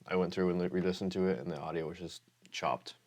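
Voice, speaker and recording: A young man with a low, steady, darkish voice talks quickly in a room filled with Pokemon items. Hosting his ASMR channel, he chats casually about other creators, rambling and hesitating with many fillers, and his voice sounds a bit off.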